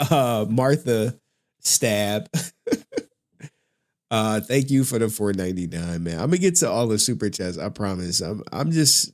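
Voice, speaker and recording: A man's voice: on the low side, animated, a little slow. A man in his forties hosting a casual livestream, swearing often, laughing through his words and getting emotional. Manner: profane, laughing, emotional, slangy. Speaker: livestream host.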